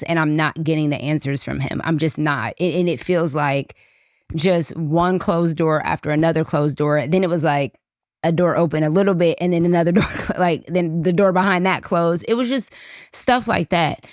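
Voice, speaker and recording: A woman in her thirties with a low voice hosts her podcast, musing on a Bible passage. She talks in a chatty, informal way, often repeating and restarting her phrases. Her voice sounds dry and close, with no room echo. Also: smooth. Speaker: podcast host. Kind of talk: personal Bible reflection.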